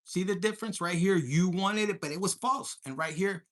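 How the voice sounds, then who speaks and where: A tarot reader giving a casual collective reading, blunt and profane, animated, slipping Spanish words into the talk. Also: mid-range voice, fairly quick.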